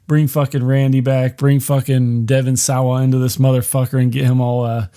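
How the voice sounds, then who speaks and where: A man rambles through a movie review in a loose, profane monologue full of jokes. His voice sits at an ordinary middle pitch. It is recorded dry and close, with no room sound. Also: flat delivery, brisk, warm tone, smooth, no echo. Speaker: movie podcast host.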